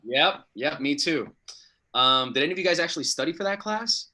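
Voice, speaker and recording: A young man from Miami doing stand-up, with a bright, fairly high voice. His pitch leaps around as he tells self-deprecating stories with lots of energy. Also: fairly quick. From Miami, United States. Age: young adult. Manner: animated, self-deprecating storytelling. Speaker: comedian. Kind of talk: stand-up comedy.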